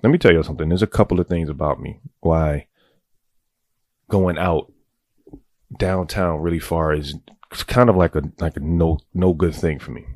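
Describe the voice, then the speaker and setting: A man's voice: sits low, moderate pace, pauses often, warm tone, no room sound, clean studio sound. A man telling a long, rambling personal story in casual, profane street talk. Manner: rambling, streetwise, goes on tangents.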